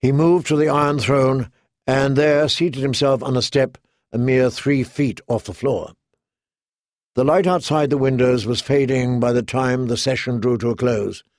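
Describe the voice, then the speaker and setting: A man reading a fantasy novel aloud as an audiobook narrator, measured and steady. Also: mid-range voice, no echo, studio quality. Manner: measured, storytelling. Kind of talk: scripted narration.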